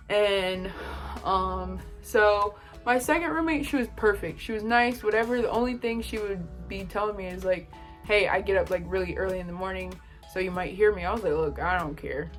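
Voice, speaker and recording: Chatty young woman telling a story. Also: medium pitch. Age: young adult. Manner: animated, quoting others in lively bursts. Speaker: vlogger. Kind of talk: casual storytime.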